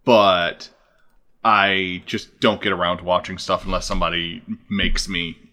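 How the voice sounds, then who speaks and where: A man's voice: deep voice, level tone, measured pace, bright, forceful tone. A married man chatting casually on a podcast, swearing for emphasis. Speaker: podcast co-host. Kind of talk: casual chat.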